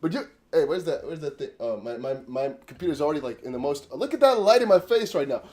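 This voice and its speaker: Excitable man on a live stream. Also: fairly high pitch, fast talker. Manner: excitable, shouting and laughing with relief; rambling, self-mocking. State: out of breath, sweating. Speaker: crypto livestream host.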